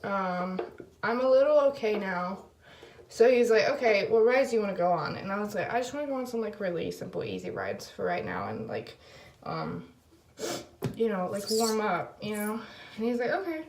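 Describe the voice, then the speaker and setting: A woman's voice: mid-range voice, expressive, moderate pace, darkish tone, a little hiss or hum. A young woman telling a story in a casual video diary, rambling with lots of fillers and quoted back-and-forth, and apologizing in self-conscious asides. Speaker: vlogger. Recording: echoey room.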